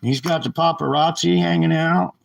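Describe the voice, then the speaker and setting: Worked-up man on a phone live stream, gravelly, slightly high, dry close sound, repeats himself. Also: moderate pace, no echo, rough recording. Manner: agitated, ranting, repeats himself. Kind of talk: angry livestream rant. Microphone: handheld phone.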